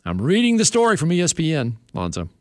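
A man's voice: a little high, huge pitch swings, quick pace, no room sound, clean studio sound. A man hosting a sports radio show, reading news items and chatting with asides.

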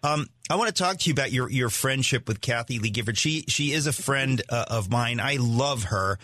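A man's voice: medium pitch, expressive, normal speed, pushed and bright, dry recording, clean studio sound. A man hosting a radio talk show in casual, eager chat, laughing often and restarting his sentences.

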